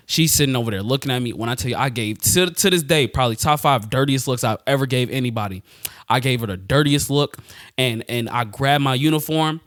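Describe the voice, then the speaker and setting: A young man on a podcast, casually telling a story in slangy, animated talk and laughing often. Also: mid-range voice, no room sound, clean studio sound. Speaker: podcast co-host.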